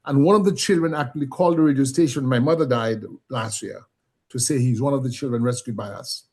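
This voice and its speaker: A man from Dominica talks through a conversational interview, his voice husky and a little breathy. His pitch sits in a middle range. He tells stories and grows animated when he quotes people. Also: fast. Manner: storytelling, animated when quoting others.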